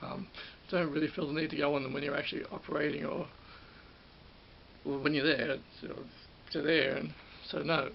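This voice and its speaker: A man's voice: fairly high pitch, level tone, brisk, gravelly. A middle-aged man, reminiscing in a rambling way about an old job, often repeating and correcting himself. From Australia. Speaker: former ride operator reminiscing. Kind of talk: casual spoken reminiscence. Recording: dull sound with faint hiss.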